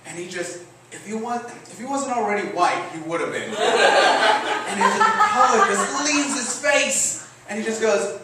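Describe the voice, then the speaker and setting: A man's voice: sits high, unhurried, very noisy. A man from Mexico with a Mexican accent, telling a self-mocking story on a comedy stage. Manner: animated, self-mocking, laughs at own jokes. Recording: echoey stage recording from a distance, faint ambience.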